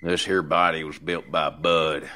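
A man voicing a heavyset, crude middle-aged man who jokes roughly and swears freely. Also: extremely low pitch, level tone, unhurried, sharp tone, full character voice. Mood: sheepish joking. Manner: joking, rough, profane.

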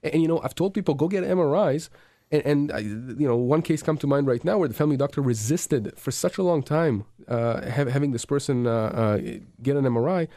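A man speaks as a lawyer on talk radio, his voice dark and mellow. He talks earnestly and emphatically, tripping into restarts. The studio sound is dry and close. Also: mid-range voice, a little fast, no echo. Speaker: insurance and injury lawyer. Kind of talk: radio talk show advice.

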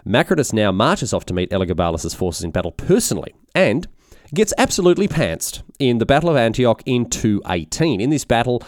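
Irreverent male narrator, rambling and animated, with a dry close sound. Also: on the low side, no echo. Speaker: history storyteller. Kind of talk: comedic history narration.

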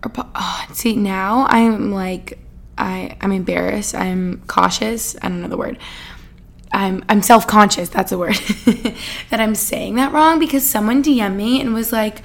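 A woman's voice: medium pitch, a little slow, gravelly. A young woman hosting a podcast, chatting casually in a bubbly, rambling way, full of "like" and little laughs. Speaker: podcast host. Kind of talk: casual chat.

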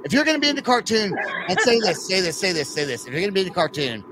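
A man's voice: high voice, racing, noisy background. A middle-aged man hosting a podcast, telling profane stories in a loose, laughing chat. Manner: profane, laughing, animated storyteller. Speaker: podcast host. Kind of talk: casual chat.

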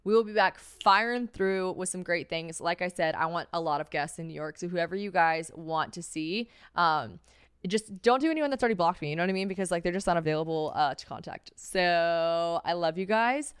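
A woman's voice: on the low side, brisk, smooth, no echo, studio quality. A young woman hosting a podcast solo, chatty and profane, telling stories with lots of fillers and sounding worn out. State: tired. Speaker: podcast host.

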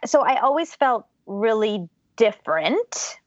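A woman's voice: on the high side, very animated, slow, no room sound. A young woman from Georgia talks through her childhood as a podcast guest, reflective and chatty, often laughing. Her voice is recorded dry with a slightly dull, lo-fi sound. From Georgia, USA. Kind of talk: casual interview storytelling.

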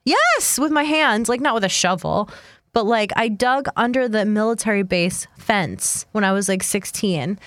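An American woman in her thirties co-hosts a casual podcast and tells stories in a lively, rambling way, full of "like" fillers. Her voice sits at a middle pitch and sounds close and dry. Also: moderate pace, dry recording. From United States. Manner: animated storyteller, lots of "like" fillers. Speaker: podcast co-host. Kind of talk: casual chat, storytelling.

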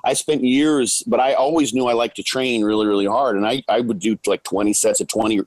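A man speaking as a guest in a casual discussion, measured and a little hesitant, restarting his words. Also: mid-range voice, fairly even intonation, a little mellow, no echo, rough recording. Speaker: guest, coach.

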